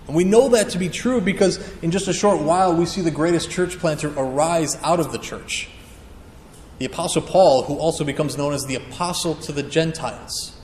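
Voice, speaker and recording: Male preacher, earnest, emphatic, slightly high voice, roomy reverb. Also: a little mellow, slight background noise. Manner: earnest, emphatic teaching with acted-out quotes. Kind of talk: sermon. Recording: echoey hall with long reverb.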